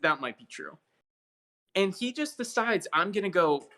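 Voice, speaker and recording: A man's voice: high voice, expressive, moderate pace, pushed and bright. A young man co-hosting a podcast in casual chat, joking and teasing his friend. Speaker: podcast co-host.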